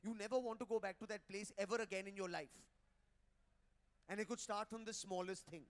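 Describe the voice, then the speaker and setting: High-voiced brash stand-up comic. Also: male voice, steady tone, brisk. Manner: brash, teasing, crowd-roasting. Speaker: stand-up comedian. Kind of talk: live stand-up with crowd work. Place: hotel ballroom event. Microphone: handheld mic.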